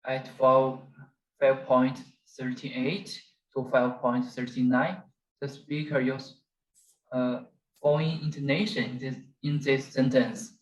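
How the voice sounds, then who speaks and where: A young man, a student, reading out a scripted class presentation at a steady pace. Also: mid-range voice, slow, roomy sound, lo-fi sound.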